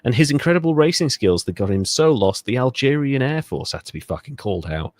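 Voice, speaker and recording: Speaking briskly and expressively at medium pitch, a man from Britain co-hosts a history podcast with no room sound on the recording. His casual storytelling is rambling, sardonic and profane.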